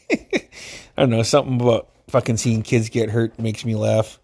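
A man's voice: mid-range voice, level tone, normal speed, a little mellow. A man from Alaska telling funny stories in a casual way, swearing constantly and laughing often. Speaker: storyteller. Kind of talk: casual storytelling.

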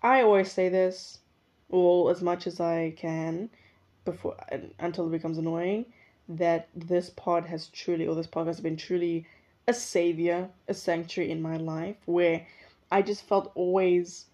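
A young South African woman hosts her own podcast solo from her usual indoor recording spot, rambling and reflecting aloud and often correcting herself mid-sentence. Her voice is lowish and mellow, with a flat, unhurried delivery, suited to a casual monologue.

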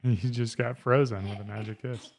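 Chatty rambling dad hosting a podcast. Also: male voice, mid-range voice, steady tone, normal speed, darkish tone. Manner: rambling, filler-heavy, laughs easily. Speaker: podcast host. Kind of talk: casual podcast chat.

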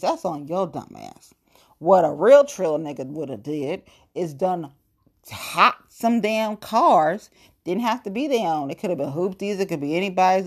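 A woman's voice: on the low side, darkish tone. A woman delivering a heated, blunt and profane rant to camera, scolding and cursing throughout. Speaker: commentator.

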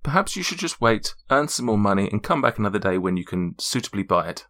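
A man voicing a calm, polite male magic-item shopkeeper who haggles in formal, measured speech. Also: lowish voice. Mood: haggling.

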